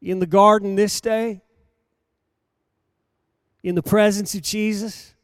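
High-voiced man preaching a dramatic sermon. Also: level tone, takes it slowly, clear, resonant tone, no room sound, studio quality. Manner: dramatic preaching, swings between hushed and loud; repeats rhetorical questions to the congregation.

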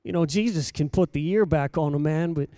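A man with a high voice delivers a dramatic sermon. He swings from hushed, quiet passages to loud, urgent calls, firing repeated rhetorical questions at his listeners. The sound is dry and close, with no room echo. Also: fairly quick. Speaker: preacher.

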